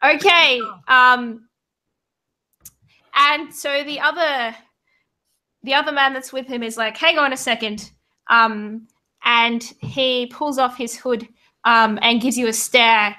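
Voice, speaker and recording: Slow-talking woman game master. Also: a little high, fairly even intonation, sharp tone. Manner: hesitant, many fillers. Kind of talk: narrating a tabletop game.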